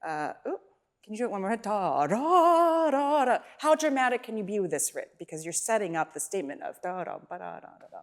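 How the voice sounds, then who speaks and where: A fast-talking woman with an expressive voice on the low side guides a student through a violin masterclass in a recital hall. As the violin plays, she offers short words of encouragement, praises again and again, and hums lines to show their shape.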